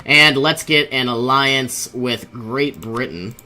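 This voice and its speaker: A man's voice: mid-range voice, takes it slowly, bright, forceful tone, soft background music. A young man giving casual commentary over his own strategy game, thinking aloud, often exasperated and laughing. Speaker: let's play host.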